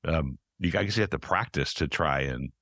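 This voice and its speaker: An American man hosting a podcast interview, chatty and quick to laugh, often restarting his sentences. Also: very deep voice, lively intonation, bright, forceful tone, no echo, studio quality. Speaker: podcast host. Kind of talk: casual interview chat.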